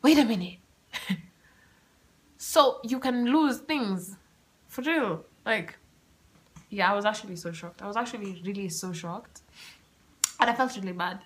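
A woman's voice: medium pitch, measured pace, pauses often. Chatty young woman podcaster. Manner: chatty and animated, frequent asides and laughter. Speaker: podcast host. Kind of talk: casual storytelling monologue. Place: home room with open windows.

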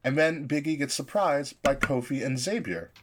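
A man co-hosting a casual podcast about wrestling, talking animatedly and often restarting his sentences when excited. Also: mid-range voice, moderate pace, slight background noise. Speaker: podcast co-host.

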